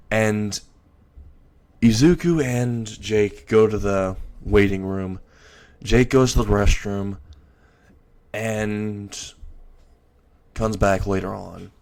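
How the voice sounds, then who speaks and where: Young guy narrating a made-up story, lowish voice, kinda halting. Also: a little mellow. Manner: loose, halting delivery with restarts and "and" pauses. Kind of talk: casual improvised story narration.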